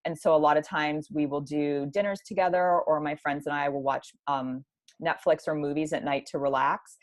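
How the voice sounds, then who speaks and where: A woman's voice: deep voice, steady tone, moderate pace, dry recording. A young woman from Hawaii, a podcast guest talking openly and reflectively in long, flowing sentences about her daily life. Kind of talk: casual interview conversation.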